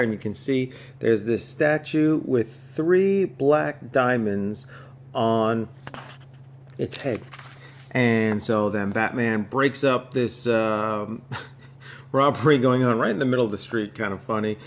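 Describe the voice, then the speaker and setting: A podcast host from North Carolina, USA, reviews an old comic issue on his show, speaking slowly in a mid-range male voice. He rambles casually, uses lots of fillers, and drops chuckling asides.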